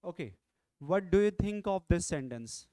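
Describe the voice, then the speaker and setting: A man's voice: sits high, animated, moderate pace, mellow, smooth, no echo. A young man with an Indian English accent teaching grammar in an online exam-prep lecture, repeating points and urging viewers to comment. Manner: repetitive, coaxing viewers to comment.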